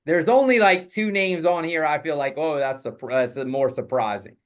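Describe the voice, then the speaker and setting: A man co-hosting a casual sports podcast, relaxed and quick to laugh while running a quiz. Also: fairly high pitch.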